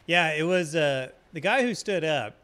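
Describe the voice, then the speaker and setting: A man's voice: fairly high pitch, expressive, moderate pace, fairly bright tone. A man casually rambling and chatting while streaming a fantasy game, often restarting his sentences. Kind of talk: casual gameplay commentary.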